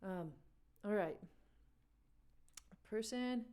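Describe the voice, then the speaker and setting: A woman's voice: mid-range voice, slow pace, mellow, clean tone. Chatty woman hosting a music game. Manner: chatty, laughing, talks to chat. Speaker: livestream game host. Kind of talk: casual livestream chat.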